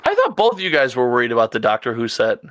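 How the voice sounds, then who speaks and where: A man's voice: mid-range voice, huge pitch swings, fast talker, fairly bright tone, no room sound. A man co-hosting a casual podcast, talking in a wry, teasing way. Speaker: podcast co-host. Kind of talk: casual chat.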